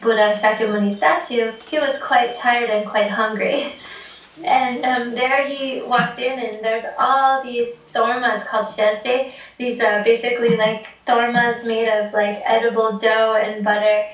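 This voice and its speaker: A woman's voice: a little high, fairly even intonation, measured pace. A woman from Tibet casually telling a folk tale, chatty with many fillers and frequent laughs. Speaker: storyteller. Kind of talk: casual storytelling. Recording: echoey room, distant mic.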